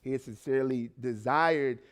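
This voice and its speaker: A man who coaches a youth ministry gives a testimony during a sermon, speaking conversationally at medium pitch and a moderate pace. He is not from Baltimore. His talk is full of fillers and restarts, and he frequently tags sentences with "right?".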